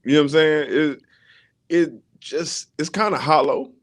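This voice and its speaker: A man co-hosting a podcast, laying out his reasoning in a measured way with frequent fillers. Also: fairly high pitch. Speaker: podcast co-host. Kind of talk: casual chat.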